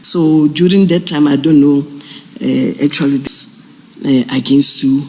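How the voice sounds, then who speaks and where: A man gives formal testimony at an inquiry. His voice sits a little high and has a gravelly edge, and he speaks in a halting, measured way. A long reverb hangs around him in a large hearing room. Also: steady tone, darkish tone. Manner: halting, measured, with many uh fillers and restarts. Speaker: police general testifying as a witness.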